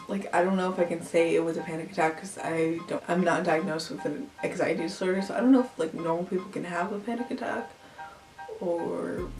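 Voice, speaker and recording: A woman's voice: on the low side, a little mellow. Chatty young woman telling a story. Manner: chatty, heavy use of "like". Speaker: vlogger. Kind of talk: storytime vlog. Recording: echoey room, distant mic, faint music.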